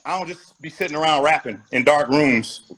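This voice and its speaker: A man's voice: fairly high pitch, moderate pace, fairly bright tone, husky, low-quality recording. A man giving an interview as a rapper, talking bluntly and emphatically, with frequent profanity. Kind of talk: candid interview talk.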